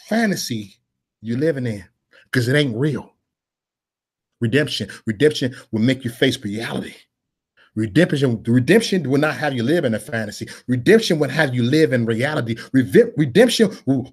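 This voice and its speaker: A man's voice: medium pitch, lively intonation, normal speed, husky. Man preaching in a slangy, repetitive rant. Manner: preaching cadence, repeats phrases, swings from loud to mumbling; casual street slang. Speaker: political vlogger. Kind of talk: preachy live-stream monologue.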